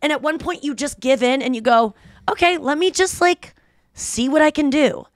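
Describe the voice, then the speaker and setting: A woman in her thirties hosts a podcast and tells a story in casual chat, slipping into the voices of the people in it. Her voice sits a little high. The sound is dry and close. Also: normal speed, no room sound. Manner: animated storytelling, acts out quoted voices. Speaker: podcast host.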